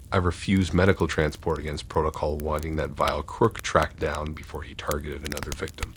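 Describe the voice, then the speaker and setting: A man reading horror stories aloud in a steady, dark scripted narration. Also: very deep voice, a little hiss or hum.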